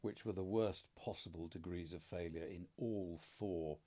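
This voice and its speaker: A middle-aged father from England telling family stories in a measured, dryly humorous way. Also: low voice, mellow. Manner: dry understated humour, measured storytelling. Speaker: podcast co-host, father. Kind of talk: casual conversation.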